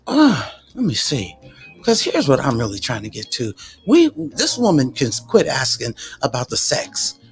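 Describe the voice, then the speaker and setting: A man's voice: medium pitch, huge pitch swings, normal speed, creaky, soft background music. A man reading out court testimony and reacting with sassy, exasperated commentary, using slang and cussing. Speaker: commentary host.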